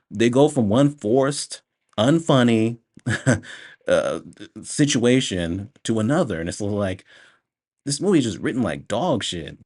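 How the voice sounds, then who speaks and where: A man's voice: low-pitched, darkish tone. A man giving a casual spoken movie review, ranting animatedly with frequent swearing and laughter.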